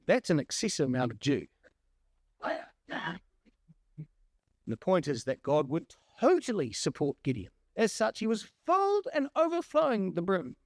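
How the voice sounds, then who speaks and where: Man, preacher, sermon, animated, rhetorical questions, high voice, dry sound. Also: unhurried, no room sound.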